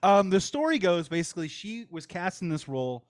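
A man's voice: sits high, sing-song, brisk, no echo. Dry-voiced man hosting a podcast. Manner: recaps trivia in a storytelling way, hands off to guests. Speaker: podcast host. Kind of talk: casual chat.

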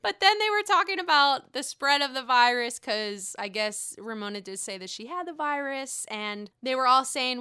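A woman's voice: high voice, moderate pace, pushed and bright, clear, resonant tone. A woman casually recapping a reality show, gossiping, swearing freely and often laughing.

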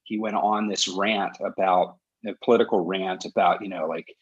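Husky-voiced man, chatty podcast host. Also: sits low, normal speed, muffled recording. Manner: animated storyteller, digressive. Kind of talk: casual chat.

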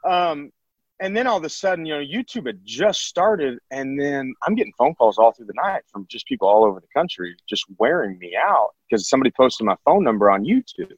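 A man's voice: medium pitch, a little fast, breathy edge, no echo. A man in his thirties tells his stories with energy, stumbling and restarting as he goes. The recording sounds dull and muffled, with a dry, close feel. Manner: lively storyteller with many restarts and fillers. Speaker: former college baseball catcher, now high school teacher. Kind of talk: storytelling in a podcast interview. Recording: dull, dry podcast audio.

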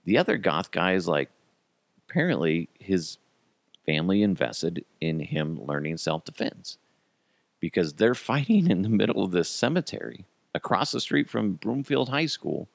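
A man with a very low, gravelly voice swings his pitch around a lot as he tells a casual story. He talks in a loose, profane, animated way and often laughs at his own jokes. The sound is dry and close, with no room. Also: moderate pace, no room sound. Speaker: podcast host.

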